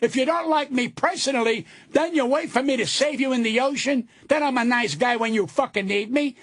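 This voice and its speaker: An older male comedian ranting loudly and profanely as a guest in a radio studio. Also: extremely high pitch, brisk, dry recording. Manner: loud, profane, indignant ranting.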